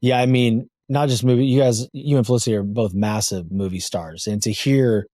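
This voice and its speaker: A middle-aged man hosting a podcast, enthusiastic and a bit rambling as he talks. His voice sits at an ordinary pitch for a man. The sound is dry and close to the mic. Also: steady tone, brisk, dark tone, no room sound. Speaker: podcast host. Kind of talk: casual interview conversation.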